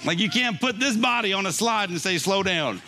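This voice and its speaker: A man's voice: high-pitched, lively intonation, brisk, bright, forceful tone, slight background noise. An older man preaching a conversational sermon, often laughing and checking in with a "right?". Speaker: pastor.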